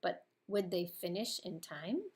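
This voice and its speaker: A woman narrating a children's storybook in a clear, expressive read-aloud manner. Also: lowish voice, unhurried.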